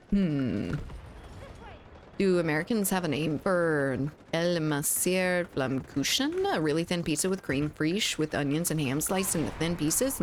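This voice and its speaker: A woman's voice: sits low, slight background noise. A woman streamer chatting casually and reading viewer messages aloud, giggling often, at a desk mic at home. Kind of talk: casual chat reading live chat.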